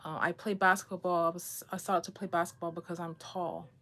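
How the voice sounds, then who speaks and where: A woman's voice: lowish voice, level tone, fairly quick, fairly bright tone, a little hiss or hum. Candid woman telling a rambling personal story. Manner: rambling, candid, emphatic in spurts. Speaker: vlogger.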